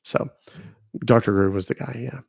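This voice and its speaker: A man's voice: medium pitch, normal speed, creaky, a little mellow, husky, no echo. A middle-aged man, chatting casually on a phone livestream, rambling as he answers viewer comments. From Texas. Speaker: livestream host.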